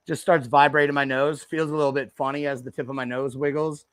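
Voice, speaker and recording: Fairly quick and barely pausing, a man with a mid-range, fairly bright voice and little pitch movement chats through a shopping livestream. Seated at a desk in a small room, he showcases products casually, leaning on fillers and calling viewers dude and bro. His desk microphone captures no room sound.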